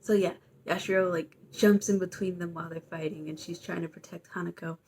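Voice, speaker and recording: With slight background noise behind her, a young woman who's a student and vlogger briskly retells a story, chatty and meandering, full of fillers and playful quotes. Her voice is on the low side, a little mellow, and steady in tone.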